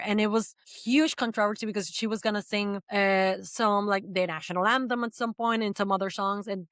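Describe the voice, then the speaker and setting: A woman from the Caribbean, a podcast guest, talking in quick, animated bursts full of fillers in casual chat. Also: mid-range voice, no room sound, clean studio sound.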